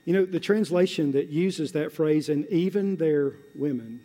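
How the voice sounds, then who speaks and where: A man preaching a sermon as pastor, drawing out key words and repeating phrases, swelling from hushed, slow passages to loud, rising exhortation. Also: a little high. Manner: emphatic, drawn-out words and repetition. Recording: long hall reverb.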